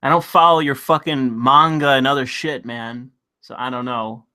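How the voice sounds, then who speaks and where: A man's voice: mid-range voice, fairly even intonation, normal speed, bright, forceful tone, clean tone. A man hosting a casual livestream, rambling and swearing freely while he laughs along with chat. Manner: rambling, profane, laughs often. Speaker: livestream host. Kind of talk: casual live-stream chat.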